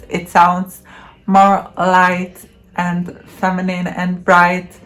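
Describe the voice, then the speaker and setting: A woman teaching voice exercises, demonstrating hums and counting in a slow, patient way. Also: low-pitched. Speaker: voice coach. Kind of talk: voice training tutorial.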